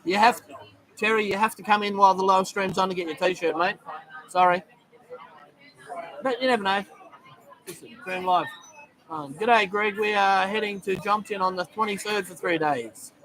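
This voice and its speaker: A man's voice: high voice, moderate pace, long pauses, a bit bright. A middle-aged Australian man hosting a casual live stream, chatting loosely with many ums and greeting viewers by name. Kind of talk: casual live-stream chat reading comments. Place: busy bar in Thailand. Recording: noisy bar crowd behind. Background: bar crowd chatter.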